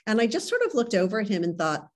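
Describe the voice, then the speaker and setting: A woman's voice: mid-range voice, wildly swooping pitch, quick pace. A woman doctor interviewed as a guest on a podcast, speaking earnestly and conversationally. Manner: earnest, conversational, fond of "like" and "right".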